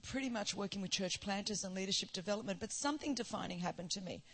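A middle-aged woman with an Australian accent, preaching as a guest speaker in a fast, lively, joking manner. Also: mid-range voice. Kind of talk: sermon.

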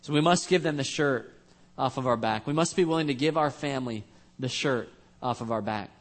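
A man's voice: medium pitch, a little fast. A man preaching in a church as pastor, telling a family story in a casual, joking, conversational way. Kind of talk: storytelling sermon.

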